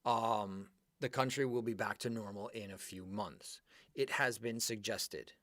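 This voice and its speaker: A man teaching an online English grammar lesson, talking to students by name in a chatty, animated way. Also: fairly low pitch, a little slow, no echo, clean studio sound.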